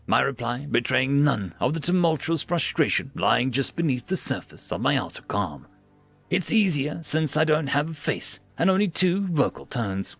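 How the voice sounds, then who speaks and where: A man narrates a sci-fi story in a wry, animated style, his pitch swinging widely. His voice is gravelly and a little high, recorded dry and close with faint music behind. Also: moderate pace, no echo.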